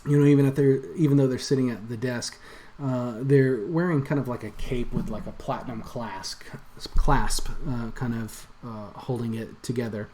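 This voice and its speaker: A man's voice: medium pitch, fairly even intonation, moderate pace, warm tone, slight background noise. A man narrating as game master of a tabletop game, rambling with lots of fillers. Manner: rambling, many fillers and hedges.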